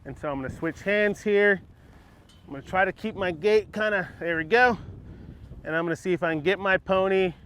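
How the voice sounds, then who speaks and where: A horse trainer talking calmly as he works a horse through a gate outdoors, praising it often and explaining each step. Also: high voice, brisk. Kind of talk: hands-on training demonstration. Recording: dull lo-fi audio with faint outdoor noise.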